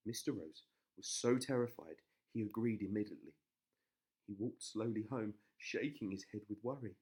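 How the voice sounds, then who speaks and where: A father reading a bedtime story to his daughter, soft and expressive. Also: on the low side, breathy edge. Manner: slow, soft, animated storytelling.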